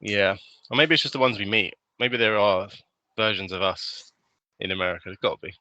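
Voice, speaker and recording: With a fairly low pitch and a quick delivery, this young man from Britain is co-hosting a podcast in a British accent. His casual chat is full of lively anecdotes in which he mimics the people involved, and there's no room sound.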